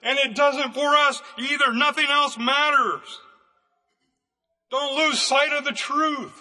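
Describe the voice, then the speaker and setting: A man preaching a fervent sermon as pastor, with bursts of raised, shouting emphasis. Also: very high-pitched, steady tone, measured pace, big-room sound.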